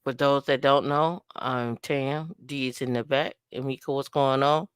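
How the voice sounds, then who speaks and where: A woman's voice: rumbling low, fairly even intonation, unhurried, clean tone, no room sound, studio quality. A woman hosting a casual livestream, chatting to viewers by name and breaking into playful sung sound effects. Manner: playful, sings and imitates dancehall sounds. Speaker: host.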